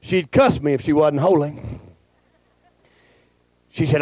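A male pastor, preaching a folksy, joking sermon that swells into shouting. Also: on the high side, normal speed, long pauses, no room sound.

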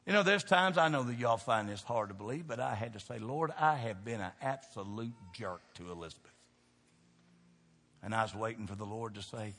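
A man's voice: mid-range voice, normal speed, fairly bright tone, big-room sound. A man pastor preaching a sermon, emphatic and folksy, throwing call-and-response questions to the congregation. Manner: folksy, joking asides to the congregation.

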